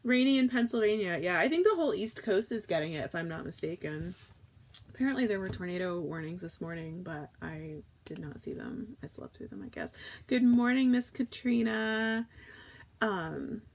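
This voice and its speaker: A woman's voice: on the low side, very animated, moderate pace. A woman hosting a casual live-stream chat from a backyard camper, talking into an old tablet and greeting her viewers by name.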